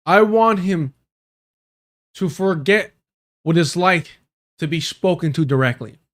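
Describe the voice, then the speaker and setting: A man hosts a live stream, reacting to clips in blunt, casual commentary. He talks emphatically, swears freely and repeats his points, in a somewhat high voice. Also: expressive, slow pace. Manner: blunt, profane, emphatic, repetitive.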